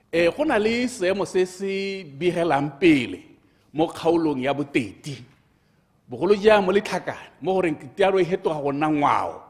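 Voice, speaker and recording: A man's voice: on the high side, big-room sound. A man, a member of parliament, pressing questions in a debate and mixing in English terms. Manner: pressing, mixes local language with English terms. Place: parliament chamber.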